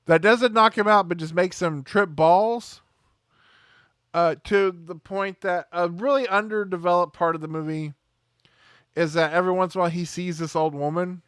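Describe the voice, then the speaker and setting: A man's voice: high-pitched, steady tone, moderate pace, fairly bright tone, clear, resonant tone, no room sound, studio quality. A man hosting a movie review show in casual chat, rambling and sarcastic, acting out scenes in little voices.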